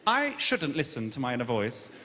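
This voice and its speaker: A man's voice: mid-range voice, huge pitch swings, normal speed, slight background noise. A man from Birmingham doing a stand-up comedy set, camp and self-mocking in a sardonic storytelling way. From Birmingham, England. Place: comedy club stage. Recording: echoey live room with long reverb. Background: loud audience ambience.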